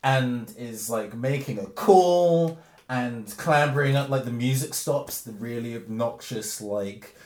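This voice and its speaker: A man narrating as game master of a tabletop role-playing game, rambling and relaxed with many fillers. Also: mid-range voice, measured pace, few pauses, reverberant.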